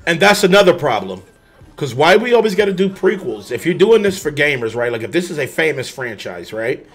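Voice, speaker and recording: Male co-host, slightly high voice, animated and profane, casual chat. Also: husky. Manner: animated, profane, quick to laugh. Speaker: podcast co-host.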